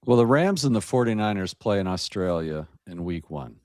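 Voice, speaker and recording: Podcast guest: man, lowish voice, joking storyteller, dry mic. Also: animated, normal speed, a little mellow, no echo. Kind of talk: casual podcast chat.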